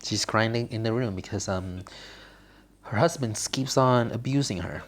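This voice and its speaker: A man's voice: on the low side, measured pace. A man casually commenting on a mobile game he is playing, rambling with slips. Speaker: gaming channel host.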